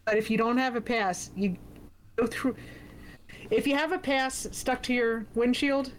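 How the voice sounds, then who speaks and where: A woman's voice: a little high, unhurried, a little hiss or hum. A woman in a casual chat, chiming in with short explanations.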